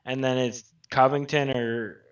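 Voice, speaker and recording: A man co-hosting a sports podcast, giving laid-back, measured opinions in casual chat. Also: mid-range voice, fairly even intonation, clear, resonant tone. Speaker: podcast co-host. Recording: distant lo-fi mic.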